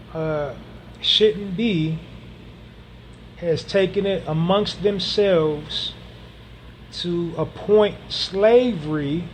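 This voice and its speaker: Speaking alone as host of his podcast, a man with a high-sitting voice delivers an earnest monologue. He often circles back on phrases to stress them and fills gaps with plenty of ums, with a slight hiss or hum under the recording.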